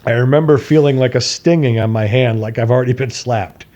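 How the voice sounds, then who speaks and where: Mellow-voiced man telling a rambling story. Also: medium pitch, fairly quick, lo-fi sound. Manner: rambling, laughs often, acts out quotes in a raised voice. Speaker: podcast co-host. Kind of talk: casual podcast storytelling.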